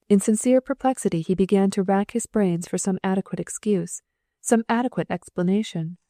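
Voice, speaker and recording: A woman narrating an audiobook in a lively, expressive storytelling manner. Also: medium pitch, brisk, no echo, studio quality. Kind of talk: scripted narration.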